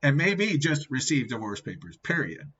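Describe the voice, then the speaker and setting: A man voicing an upbeat male friend in prison who keeps urging him to look on the bright side. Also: medium pitch, big pitch swings, normal speed, recorded from a distance, slight background noise. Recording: dull lo-fi recording.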